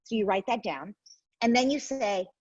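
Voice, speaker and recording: A woman's voice: medium pitch, lively intonation, normal speed, husky, no room sound, lo-fi sound. A woman, a parenting expert guest, explains her method in an interview and acts out what parents and children say.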